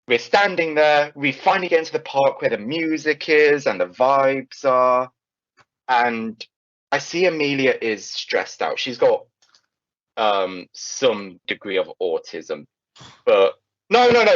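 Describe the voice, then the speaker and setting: A young man telling a casual anecdote in an animated way, swearing freely and often restarting his sentences. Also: medium pitch, a little slow, no echo. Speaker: storyteller. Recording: dull, lo-fi, dry sound.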